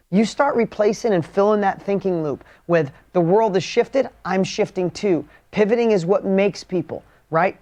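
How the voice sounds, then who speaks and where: A man giving a motivational talk to an audience. He speaks bluntly and with energy, swinging between loud, emphatic lines and hushed ones. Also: high voice, measured pace, few pauses.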